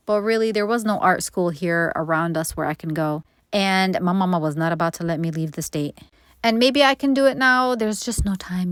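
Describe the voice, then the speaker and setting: A woman's voice: fairly low pitch, no echo. Woman in her 40s, baking vlogger, candid chatty Q&A read, dry close mic. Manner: chatty, candid, animated quoting. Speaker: baking channel host. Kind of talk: casual Q&A vlog.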